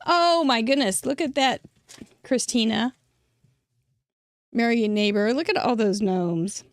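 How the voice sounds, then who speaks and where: A woman's voice: on the high side, takes it slowly, no echo, studio quality. A woman hosting a card-making show, chatting to viewers in a chatty, effusive way and laughing often. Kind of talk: casual chat to viewers.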